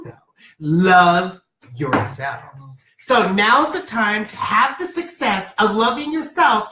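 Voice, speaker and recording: Animated, bright-voiced woman card reader. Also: fairly low pitch, reverberant. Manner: giggly, playful, animated delivery. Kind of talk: live-stream card reading.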